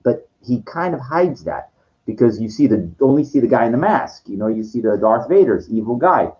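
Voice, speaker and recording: In a loose, offhand monologue, this man keeps restarting and padding with fillers, occasionally dropping to a slow, low register for quotations. He speaks in a sing-song way with a dark tone, and the sound is lo-fi.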